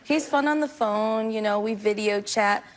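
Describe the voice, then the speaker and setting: A woman's voice: medium pitch, normal speed, slight background noise. A woman guest on a TV talk show, earnestly gushing about her fiancé and laughing easily.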